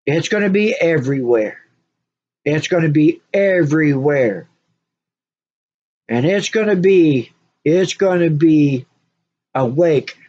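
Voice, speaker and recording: A woman's voice: fairly high pitch, lo-fi sound, a little hiss or hum. A woman ranting to camera in a vlog, scolding and preachy, repeating her points in emphatic bursts. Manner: repeats phrases, talks in bursts. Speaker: spiritual vlogger. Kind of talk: monologue rant to camera.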